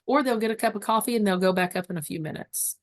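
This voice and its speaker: A woman's voice: mid-range voice, fast, dry recording, clean studio sound. A woman giving a webinar lesson on dementia care, teaching emphatically and repeating key phrases. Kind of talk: webinar presentation.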